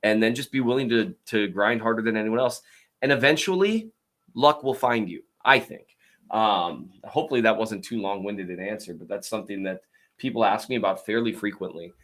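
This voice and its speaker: A man hosting a show, answering viewer questions in a rambling casual chat with many fillers and restarts. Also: fairly low pitch. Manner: tries to talk louder and slower.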